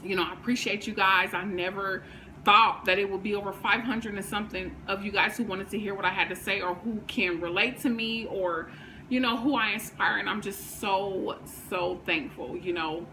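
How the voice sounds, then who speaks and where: A woman, talking candidly on her vlog, emotional and faith-filled, swinging from hushed to fired up. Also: mid-range voice, fairly even intonation, moderate pace, a little hiss or hum, rough recording. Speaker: vlogger. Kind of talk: candid personal vlog talk.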